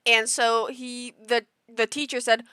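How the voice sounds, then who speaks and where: A young woman chatting live on stream with a bright, forceful voice that sits a bit high. She rambles animatedly through a story, restarting lines and acting out quotes. The sound is dry and close. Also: little pitch movement, a little slow, smooth, no echo. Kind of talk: casual storytelling to a live chat.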